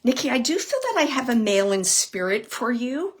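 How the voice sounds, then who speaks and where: A woman working as a psychic medium, giving a live reading in a soft, hesitant way, with many pauses, and repeating words as she relays messages. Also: a little high, sing-song, breathy edge. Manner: repeats words and phrases for emphasis. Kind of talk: live spirit reading for an audience member.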